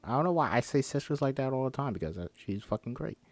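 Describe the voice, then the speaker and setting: A man's voice: medium pitch, lively intonation, fast talker, no room sound, faint music behind. A man reads a film script aloud and breaks off for jokey, swearing asides, acting out the characters' lines as he goes.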